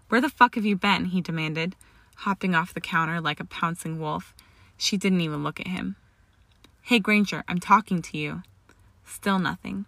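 A woman narrates a story in a steady, measured voice. Her tone is bright and slightly gravelly, sitting a little low for a woman, and the sound is dry and close. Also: no echo. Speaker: fan fiction reader.

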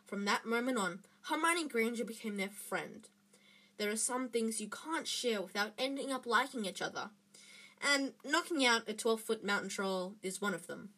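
Bright-voiced woman reading a storybook aloud. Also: on the high side, normal speed. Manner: expressive, with small slips and restarts. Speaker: reader. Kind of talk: reading a children's book aloud.

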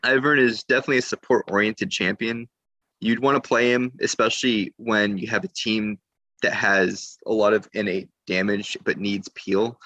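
A man with a somewhat low voice talks through game tactics in a loose, explanatory way, pausing to rephrase as he goes. The sound is dry and close. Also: fairly even intonation, sharp tone, no echo, dull audio. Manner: explanatory, with fillers and restarts. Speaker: podcast co-host. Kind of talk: casual gaming strategy talk.

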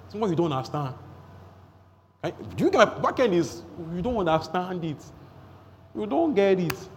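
A man with a Nigerian accent preaching a sermon, energetic, breaking into rapid tongues and shouts. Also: high voice. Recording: long hall reverb, faint noise.

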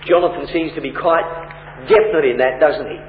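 Emphatic high-voiced preacher in an echoey hall. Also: male voice, brisk. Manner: emphatic, rising and falling preaching delivery with rhetorical questions. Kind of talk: sermon. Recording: echoey hall, tinny phone-like sound.

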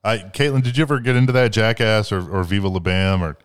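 A man's voice: on the low side, quick pace, clear, resonant tone. A man hosting a podcast, telling crude stories in a rambling, profane way with lots of fillers. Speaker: podcast host. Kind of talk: crude casual chat.

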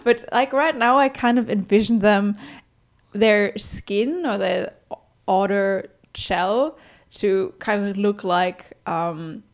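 A woman's voice: medium pitch, slow pace. A woman co-hosting a podcast in casual chat, hesitant and full of fillers, often giggling. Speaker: podcast co-host.

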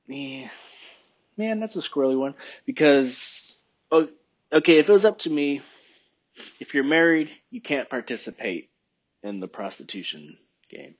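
A man's voice: mid-range voice, husky, dull audio. A man in a casual opinion monologue, rambling and thinking aloud, often questioning himself.

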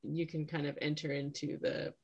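A woman's voice: deep voice, little pitch movement, normal speed, gravelly, lo-fi sound, a crowd in the background. A woman co-hosting a podcast, talking in a rambling, thoughtful way and searching for words. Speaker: podcast co-host. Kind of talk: casual podcast chat.

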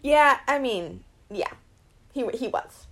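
A woman co-hosting a podcast in casual chat, animated and quick to laugh. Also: high-pitched. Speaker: podcast co-host recapping a reality show.

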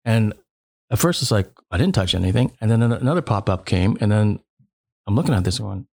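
A man's voice: on the low side, expressive, brisk, vocal fry, a little mellow, no echo, clean studio sound. A man co-hosting a casual podcast chat, rambling with many restarts and stammers.

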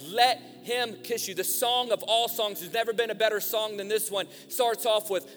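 A man preaching a sermon in a church, impassioned, swinging from hushed appeals to shouted fervor. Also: sits high, steady tone, moderate pace, hardly any pauses. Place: church hall. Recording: music, long hall reverb.

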